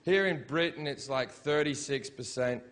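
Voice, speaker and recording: A man's voice: mid-range voice, moderate pace, a bit bright. A middle-aged man doing a stand-up comedy routine on stage, blunt, profane and mocking. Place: comedy stage before a live audience.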